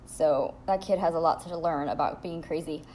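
A young woman telling a storytime vlog at home in a blunt, profane, animated way. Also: low voice, normal speed, slight background noise. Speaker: vlogger. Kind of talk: storytime monologue.

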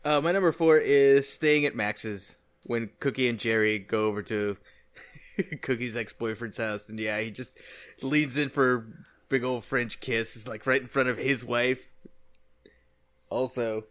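A man on a casual podcast retelling scenes with animated storytelling, laughing often. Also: mid-range voice, a little slow. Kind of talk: casual chat.

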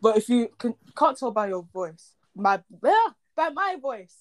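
A woman's voice: a little high, sing-song, unhurried. A young woman, co-hosting a casual chat podcast, rambling and jokey and losing her train of thought. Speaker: podcast co-host.

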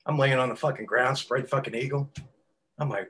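A middle-aged man, a tattoo artist telling stories in an interview, swearing often and acting out quotes loudly. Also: medium pitch, brisk. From New York. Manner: animated, profane storyteller who acts out quotes loudly. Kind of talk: casual storytelling interview.

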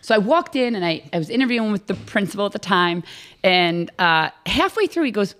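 A woman lacrosse coach and math teacher telling quick, laughing stories in a casual podcast chat. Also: mid-range voice, animated, fairly bright tone.

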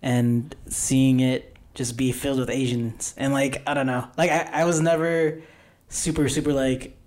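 A young man hosting a casual podcast, talking in a relaxed, earnest way with plenty of fillers. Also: medium pitch, a little slow. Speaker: podcast host. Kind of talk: casual chat.

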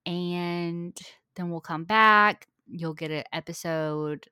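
A woman's voice: lowish voice, slow pace, bright, forceful tone, smooth. A woman co-hosting a podcast in casual chat who laughs easily. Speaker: podcast co-host.

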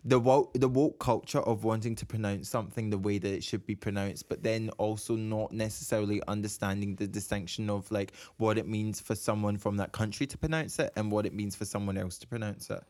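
A man's voice: on the low side, fairly even intonation, brisk, hardly any pauses, a little mellow. A man co-hosting a casual podcast who rambles, restarts his sentences and giggles as he talks. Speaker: podcast co-host. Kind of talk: casual chat.

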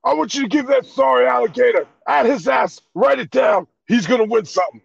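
A man's voice: very high-pitched, fairly quick, vocal fry, highs cut off. A man co-hosting a toy livestream remotely, crude and joking. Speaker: co-host. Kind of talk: casual livestream chat.

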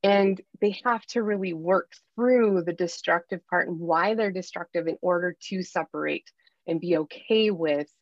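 A woman in her thirties talks candidly as a podcast guest, with animated storytelling. Her voice sounds dry and close, with no room around it. The audio is dull and lo-fi. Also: lowish voice, normal speed, no echo. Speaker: guest, life coach. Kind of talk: podcast interview.

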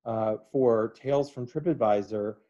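A man's voice: medium pitch, a little slow, mellow, muffled recording. A man co-hosting a podcast, chatting casually and playfully, joking around. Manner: playful, jokey, slips into goofy impressions. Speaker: podcast co-host. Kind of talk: casual comedic chat.

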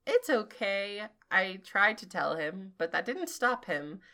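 A woman's voice: medium pitch, sing-song, slow pace, sharp tone. A young woman co-hosting a podcast, reading a fanfic aloud in mock-dramatic voices and laughing often. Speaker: podcast co-host.

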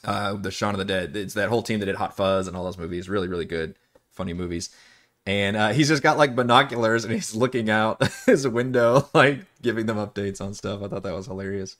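A man's voice: on the low side, fairly quick, a bit bright. A man acting as dungeon master, chatting casually and rambling during live-streamed game prep, often laughing and swearing.

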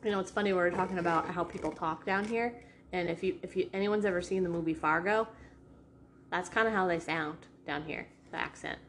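A woman's voice: lowish voice, fairly quick, a little hiss or hum. A woman with a New England accent chatting casually in a vlog, rambling with many restarts and fillers. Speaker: vlogger. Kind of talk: casual chat. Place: rented house indoors.

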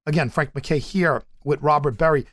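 A man hosting a talk show interview, asking questions with frequent pauses and restarts. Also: fairly high pitch, a bit bright, dry recording, studio quality. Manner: halting, many fillers and restarts.

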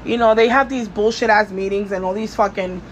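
A woman's voice: medium pitch, steady tone, brisk, highs cut off, a little hiss or hum. A woman hosting her own podcast, venting in a casual, blunt and profane way, with lots of "you know" fillers. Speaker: podcast host.

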